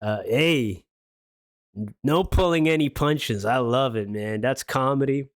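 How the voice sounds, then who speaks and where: A man's voice: medium pitch, measured pace, dry recording. A man from Belgium hosting a reaction video, chatting casually into a close microphone and tossing in "man" and "hey.". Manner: relaxed, chatty, says "man" and "hey" a lot.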